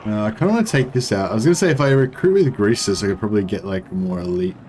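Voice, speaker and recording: Low-voiced man rambling through gameplay. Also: sing-song, racing, darkish tone. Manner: rambling, many ums and restarts. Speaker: gaming streamer. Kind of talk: casual gameplay commentary.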